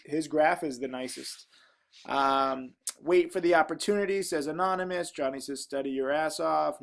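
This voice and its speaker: A man's voice: fairly high pitch, darkish tone. A man in his thirties with a casual vlog voice, reading viewer comments aloud and reacting to them in a frank, rambling way with many fillers.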